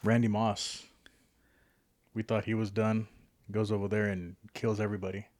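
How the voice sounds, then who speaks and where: A man's voice: lowish voice, level tone, normal speed, darkish tone, no echo. A man co-hosting a podcast, talking loosely in a joking, rambling casual chat. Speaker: podcast co-host.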